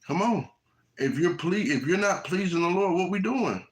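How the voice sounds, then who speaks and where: A man's voice: sits high, animated, moderate pace, poor audio. A man preaching a sermon outdoors in the heat, often checking in with the crowd by asking "right?". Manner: preaching with frequent "right?" tags. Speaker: street preacher. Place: outdoors in hot weather.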